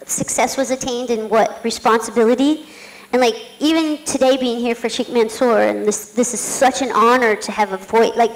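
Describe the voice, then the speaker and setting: A middle-aged woman, a jockey, telling a story on a conference panel, talking fast with frequent laughs and fillers. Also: fairly high pitch, rough recording. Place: conference hall.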